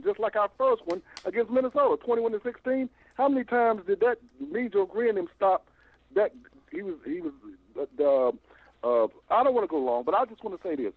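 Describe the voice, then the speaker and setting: An older man calling in by phone to a fan show, talking in a long, animated, stammering rant. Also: sits high, fairly quick. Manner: animated, repeats himself, stammering restarts. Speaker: phone-in caller. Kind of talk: rambling call-in rant. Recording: tinny phone line, dry.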